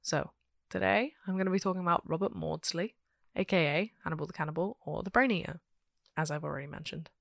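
A woman with a London accent, co-hosting a podcast and telling a true crime case in a steady, matter-of-fact way with dry asides. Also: fairly low pitch, fast talker, creaky, no room sound. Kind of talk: casual chat reading out researched notes.

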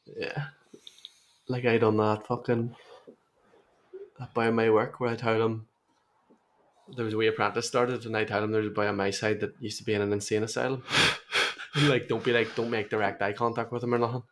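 A man's voice: fairly low pitch, little pitch movement, fairly quick, pauses often. Young man, podcast co-host, loose storyteller, sweary. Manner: tells anecdotes, swears, laughs at own stories. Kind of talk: casual storytelling chat.

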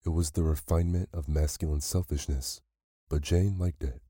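A man reading a classic short story aloud as a bedtime storyteller, calm and measured. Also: a bass voice, husky, dry recording, clean studio sound.

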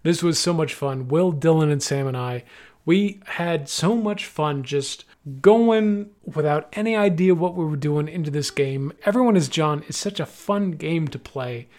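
A man's voice: on the high side, a little slow, a little mellow. A man running an improvised tabletop game as game master, narrating with playful energy.

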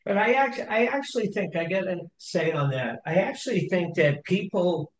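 A middle-aged man hosting a conversational interview, speaking in a thoughtful, measured way with pauses. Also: high voice, animated. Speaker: host. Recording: echoey room.

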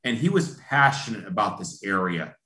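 A man being interviewed on a podcast, talking in a halting, reflective way as he searches for words. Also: lowish voice, very animated, sharp tone, roomy sound. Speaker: interview guest. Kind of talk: casual interview talk.

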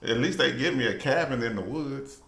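Low gravelly dude cracking jokes, slangy, echoey room. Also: male voice, expressive, brisk, fairly bright tone. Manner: joking, drawling slang. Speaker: podcast co-host. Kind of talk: casual chat.

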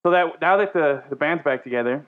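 Man, podcast host, casual sports chat, halting with fillers, higher voice, smooth tone, tinny phone-like sound. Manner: loose, halting, with many fillers.

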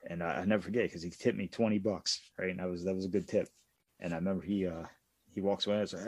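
A man co-hosting a casual podcast, telling profane, animated stories from his youth. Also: sits low, fast talker, breathy edge, no room sound. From Pittsburgh area. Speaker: podcast co-host. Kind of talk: casual storytelling chat.

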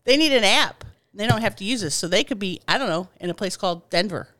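A woman co-hosts a comedy podcast, delivering absurd jokes with a deadpan edge. Her pitch swings widely, and her voice sounds dry and close, with no room echo. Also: fast. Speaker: podcast co-host. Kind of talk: casual comedic chat. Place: hot indoor studio room.

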